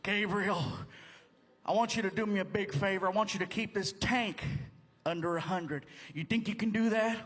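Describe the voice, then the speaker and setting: A man voicing a veteran male highway cop who is calm and amused, in a low, slow, laid-back drawl, recorded live on stage with hall reverb. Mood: easygoing.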